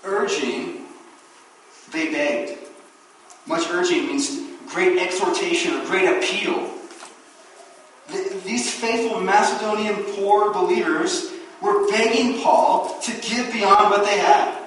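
A man preaching a sermon as pastor, animated and acting out the voices he quotes. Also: high-pitched, slow pace, long pauses, a little hiss or hum. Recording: very echoey room, distant mic.

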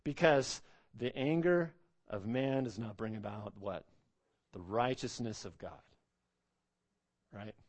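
A man's voice: medium pitch, slow, pauses often. A man preaching an expository sermon, emphatic, repeating phrases and asking rhetorical questions.

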